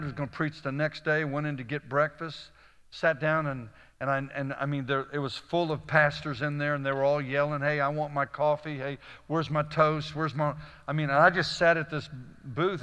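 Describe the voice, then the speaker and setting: A man preaching to a live audience, telling folksy stories with a Southern "y'all" and lively, animated delivery. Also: a little high, brisk, in a large hall. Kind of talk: storytelling sermon.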